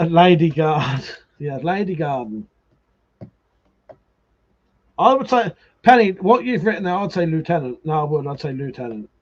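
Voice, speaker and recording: A man's voice: a little high, expressive, normal speed, a little mellow. A man hosting a live stream, chatting casually, swearing and laughing as he teases viewers, with slightly muffled audio. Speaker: livestream host.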